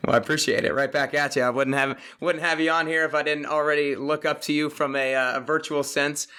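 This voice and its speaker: A man's voice: fairly high pitch, flat delivery, fairly quick, pushed and bright, clear, resonant tone. A man hosting a podcast, upbeat and enthusiastic in a casual interview. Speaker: podcast host.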